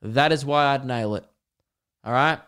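A man's voice: medium pitch, unhurried, fairly bright tone, smooth. A young man hosting a podcast, rambling in a crude, joking way and acting out little scenes. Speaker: podcast host. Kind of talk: casual comedic monologue.

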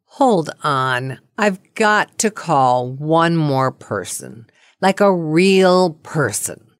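A woman's voice: deep voice, expressive, drawn-out words, no echo, clean studio sound. A middle-aged woman hosting a cold-call podcast, chatty and playful, laughing often and nervous about calling strangers. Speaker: podcast host.

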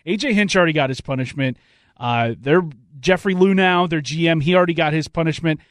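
A man co-hosting a sports talk radio show with a slightly raised pitch. He banters in a wry, easygoing way. The mic is close and dry. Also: a little fast, a bit bright, dry recording. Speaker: fill-in sports radio co-host. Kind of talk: casual sports radio chat. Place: radio studio.

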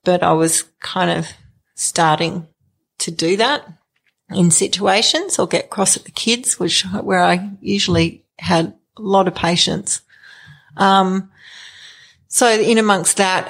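A woman's voice: fairly low pitch, steady tone, a little slow, vocal fry. A middle-aged woman telling her own story in an interview, hesitant, with many fillers and restarts. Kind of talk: candid personal storytelling.

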